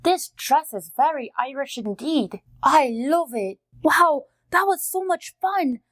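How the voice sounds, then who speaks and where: A woman's voice: high voice, lively intonation, slow, a bit bright, no room sound, full character voice. A woman voicing a cheerful friendly female dog who hosts a kids' educational unboxing video, chatty, sweet and teacherly.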